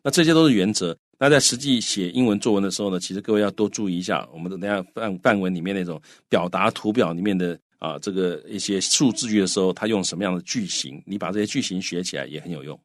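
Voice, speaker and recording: A man's voice: deep voice, quick pace, hardly any pauses, no room sound, clean studio sound. A man whose first language is Mandarin, co-hosting an English lesson and explaining in Mandarin with English words mixed in. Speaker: co-host teacher. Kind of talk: bilingual radio English lesson.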